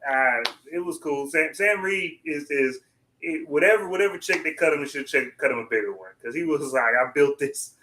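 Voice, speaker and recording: A man chatting casually about a TV episode, relaxed and conversational, acting out his own reactions. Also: fairly high pitch, a little fast, slight background noise. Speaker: TV recap podcast co-host. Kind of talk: casual chat.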